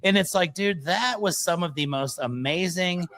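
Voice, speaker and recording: A man's voice: high-pitched, moderate pace, fairly bright tone, no room sound, studio quality. A man from Columbus, Ohio, hosting a podcast in enthusiastic, chummy casual talk. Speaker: podcast host.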